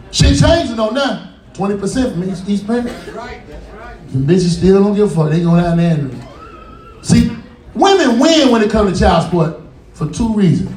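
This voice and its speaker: A man works a live stand-up crowd in a music cafe, loud, profane and animated as he acts out the people in his stories. His voice sits high and swings widely in pitch. The sound is caught from a distance and rings around the room. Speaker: stand-up comedian. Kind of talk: stand-up comedy set. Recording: roomy, distant live club recording.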